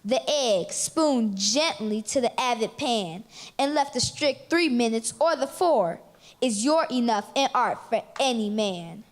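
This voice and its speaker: A woman introducing herself and then reading a poem in a soft, hushed, expressive way. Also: on the high side, measured pace. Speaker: poetry reader. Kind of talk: poetry recitation.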